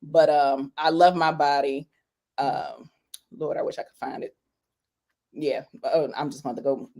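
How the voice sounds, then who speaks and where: A woman's voice: extremely low pitch, fairly even intonation, a little slow, gravelly, dark tone. A woman guest on a video call interview, talking casually and rambling with many fillers and frequent laughs. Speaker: guest, author of a coloring book.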